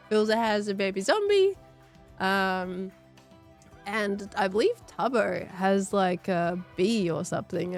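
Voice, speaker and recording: A young Australian woman streams into a desk mic, chatting casually with a creaky voice that sounds strained and a bit congested from overuse. Her pitch sits in an ordinary middle range as she wanders warmly from story to story, thanking viewers in between. Faint, soft music runs beneath her.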